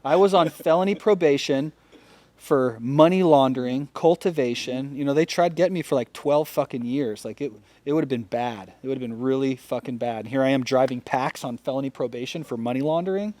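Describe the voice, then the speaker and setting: A man's voice: medium pitch, fairly quick, a little mellow, dry recording. A man from Northern California, a company founder, telling blunt, profane stories as a guest in a casual interview. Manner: profane, emphatic storyteller.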